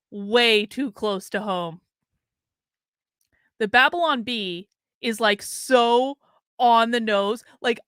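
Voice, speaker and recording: A woman's voice: on the high side, bright, forceful tone, smooth, no room sound, studio quality. A woman hosting a political commentary livestream, reading articles and viewer comments aloud with sarcastic asides. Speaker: livestream host.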